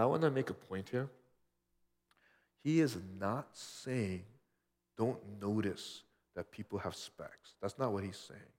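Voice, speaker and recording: A man preaching in a relaxed, conversational way, his mid-range voice slipping into little acted-out voices for the people he quotes. His words ring out with a long reverb, as in a church hall. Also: mid-range voice. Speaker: pastor. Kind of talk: sermon.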